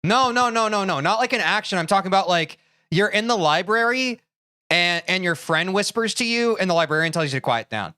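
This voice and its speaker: A man's voice: sits high, animated, fairly quick, sharp tone, clear, resonant tone. A young man streaming live who chats casually with his viewers and counts aloud while he plays. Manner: chatty, counting aloud, talks to chat.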